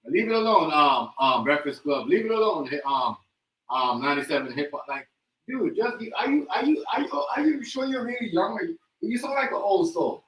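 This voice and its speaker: A man's voice: sits high, very animated, fairly quick, fairly bright tone, low-quality recording. A man hosting a reaction livestream, ranting in a heated, mocking way and repeating himself. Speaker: livestream host.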